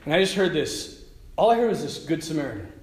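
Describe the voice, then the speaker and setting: A priest at a retreat spins an animated story, his fairly high voice jumping all over the place as he laughs and plays out the lines himself. The room around him is echoey, with a faint hiss underneath. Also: quick pace. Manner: animated storyteller who laughs often and acts out quotes.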